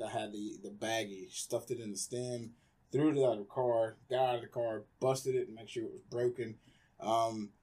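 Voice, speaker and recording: A man's voice: mid-range voice, mellow. A man candidly telling his personal story in a conversation, rambling with lots of fillers. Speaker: guest.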